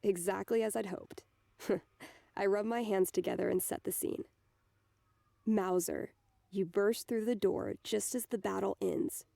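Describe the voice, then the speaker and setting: Woman narrating a novel, gravelly, dark tone, dry close mic. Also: mid-range voice, flat delivery, measured pace, no echo. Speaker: audiobook narrator. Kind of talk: first-person novel reading.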